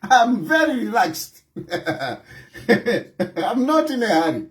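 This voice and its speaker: A man's voice: sits high, big pitch swings, slow. A Zambian man with a Zambian accent, an opposition party leader giving impassioned political commentary, emphatic and scolding, repeating his points.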